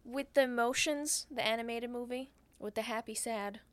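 A woman's voice: fairly high pitch, steady tone, normal speed. A woman co-hosting a podcast, chatting casually and cutting in with jokes and questions. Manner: wisecracking, interjecting with jokes. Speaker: podcast co-host. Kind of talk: casual chat.

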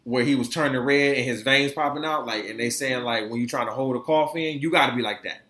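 Animated profane man ranting in an echoey room. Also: mid-range voice, brisk. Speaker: podcast co-host. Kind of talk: casual chat.

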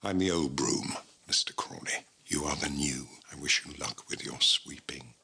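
An actor playing a proud, offended old estate agent in a period TV drama, stiff, dignified and formal. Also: male voice, very deep voice, moderate pace, vocal fry, pushed and bright, slight background noise, full character voice.

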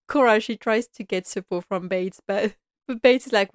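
A woman's voice: mid-range voice, a little fast, smooth, no echo, studio quality. Chatty woman recapping a show. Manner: chatty and animated, acting out quotes, laughing often. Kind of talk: casual episode recap.

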